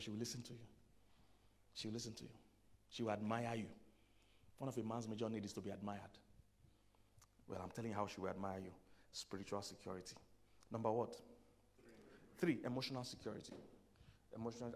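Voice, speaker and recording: Joking pastor preaching to men. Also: male voice, fairly low pitch. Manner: jokey and conversational, laughing at his own punchlines. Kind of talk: humorous sermon to men. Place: church conference hall.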